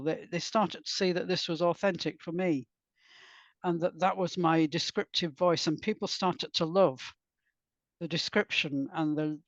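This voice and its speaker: Woman author, soft lyrical reader, lo-fi dry audio. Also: fairly low pitch, dry recording. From Wales. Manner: soft, unhurried, lyrical reading. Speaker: guest author and poet. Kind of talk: podcast interview with poetry reading. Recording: dull lo-fi dry sound.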